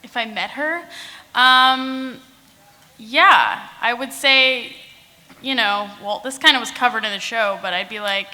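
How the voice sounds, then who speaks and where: A woman author answering fan questions on a convention panel, giggling often. She speaks slowly in a bright, fairly high voice. The sound has a long reverb from a big hall. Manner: giggly, uses lots of fillers.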